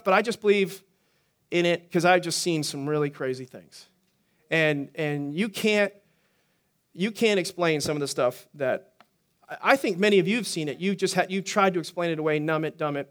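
A middle-aged man preaches in a fairly high voice. He talks to the congregation in a loose, conversational way, stumbling over restarts and dropping in joking asides. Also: a bit bright. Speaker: pastor. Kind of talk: sermon.

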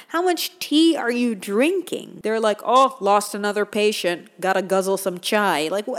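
A woman doing comedic commentary, sarcastic and profane, slipping into a mock newsreader voice. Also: fairly low pitch. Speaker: commentary vlogger.

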